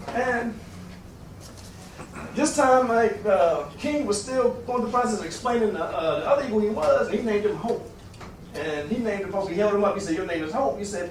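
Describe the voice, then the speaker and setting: A man casually telling a story out loud, acting out the characters with sudden jumps in pitch and shouts. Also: brisk, a little hiss or hum. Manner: animated, acts out quotes with big pitch jumps and shouts. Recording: very echoey room, recorded from a distance.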